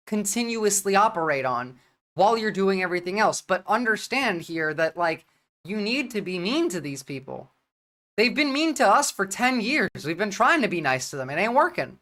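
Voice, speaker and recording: A woman with a New Jersey accent streaming and talking bluntly, swearing often and speaking in quick bursts. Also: medium pitch, fairly bright tone. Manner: blunt, profane, rapid-fire. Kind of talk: livestream commentary.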